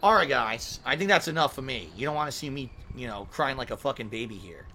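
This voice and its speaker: A man's voice: mid-range voice, animated, fast, sharp tone, slight background noise. A man hosting a live-stream podcast from home, talking earnestly and emotionally and close to tears while he reads viewer messages and signs off. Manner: casual, with swearing and filler words. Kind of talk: heartfelt sign-off while reading viewer messages.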